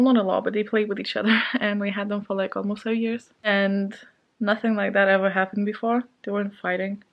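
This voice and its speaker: A woman's voice: mid-range voice, gravelly. A woman book vlogger chatting casually from her bed at home, shaken and anxious, rambling with lots of fillers and nervous little laughs. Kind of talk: casual vlog chat.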